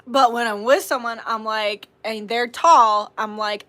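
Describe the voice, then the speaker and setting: A woman's voice: a little high, steady tone, measured pace, sharp tone. A young woman hosting a live tarot stream, chatting casually, reading out viewer comments, giggling and swearing freely.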